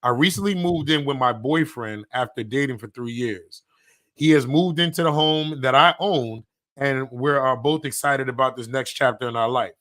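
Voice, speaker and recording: A man, co-hosting a podcast in casual chat and telling animated stories. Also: mid-range voice, normal speed. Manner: animated storytelling. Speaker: podcast co-host.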